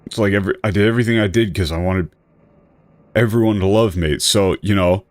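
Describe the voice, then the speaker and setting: A man's voice: lowish voice, brisk, no room sound. A male streamer giving rambling, self-correcting casual commentary with an exasperated edge.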